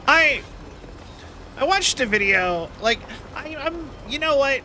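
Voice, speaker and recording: Young male streamer, rambling and self-deprecating, high sharp voice. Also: expressive, slow, a little hiss or hum. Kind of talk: casual game-stream chat.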